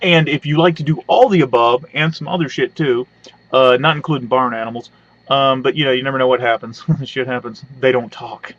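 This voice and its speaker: A man's voice: mid-range voice, steady tone, fairly quick, fairly bright tone. A man doing a profane, rambling, sarcastic comedy rant, with lots of hums and side remarks, recorded on a webcam at home. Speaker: webcam vlogger. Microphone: webcam mic. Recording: dull lo-fi webcam audio.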